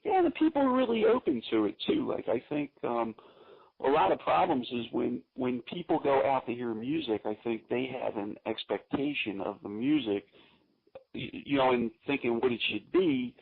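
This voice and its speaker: A man from Philadelphia chats as a guest musician, telling stories in an animated way and laughing often. His voice is gravelly and husky. It comes through a thin, phone-like radio line. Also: mid-range voice, moderate pace. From Philadelphia, USA. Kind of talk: casual interview storytelling.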